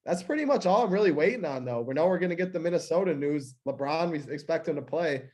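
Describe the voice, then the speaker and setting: A man laying out injury news and strategy for fantasy basketball in a steady, matter-of-fact way. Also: on the high side, fast. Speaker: fantasy sports analyst. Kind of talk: sports analysis chat.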